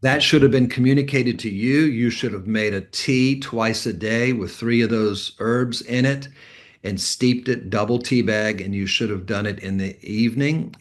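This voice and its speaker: A man talking as a guest on a casual podcast, rambling and instructive, sometimes spelling out words. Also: on the low side. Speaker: health guest.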